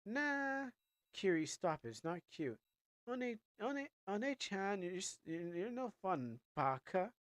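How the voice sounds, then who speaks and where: A man's voice: sits high, sing-song, slow pace, a bit bright, no echo, studio quality, voice pushed up, heavily acted. A man voicing a flustered, bratty fifteen-year-old anime teenager in a game.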